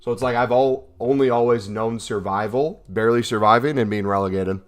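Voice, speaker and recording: A young man from the US hangs out on a livestream, fielding chat questions out loud and joking as he answers. His voice is mid-range and his pace fairly quick.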